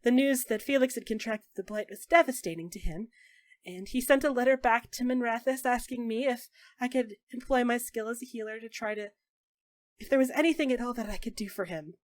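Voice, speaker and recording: A soft-spoken older healer, weary and tender, voiced by a woman game master. She speaks quietly and gently, in a dry close recording. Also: fairly high pitch, a little fast, no echo, close to an everyday voice.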